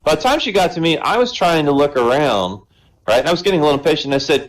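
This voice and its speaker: Man telling jokes, lively voice. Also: fairly high pitch, fast talker, rough recording. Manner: conversational, tags lines with "right?"; acts out characters with a raised voice. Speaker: comedian. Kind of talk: joke telling at an online comedy show.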